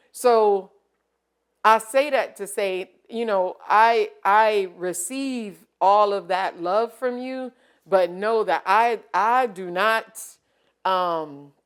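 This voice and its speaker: A woman chef hosting a casual interview, telling stories in an animated way and laughing often. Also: mid-range voice, clean tone. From American South.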